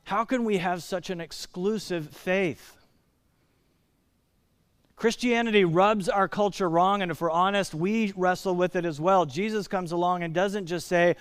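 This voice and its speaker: A man from Indiana preaching a sermon as pastor, emphatic and slowing down to stress key words. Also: high voice, fairly even intonation, clean tone, no room sound.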